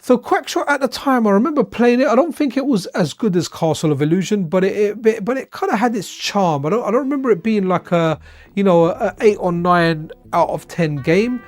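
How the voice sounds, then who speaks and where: His voice high-pitched, expressive and a little fast with no echo, a man streams old console games and gives casual, loose commentary. He's tired and yawning, rambling and repeating himself as he plays.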